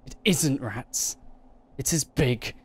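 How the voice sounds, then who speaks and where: A man's voice: mid-range voice, slow, husky. A man reading aloud as a paranoid male diarist who is losing his grip, muttering his suspicions.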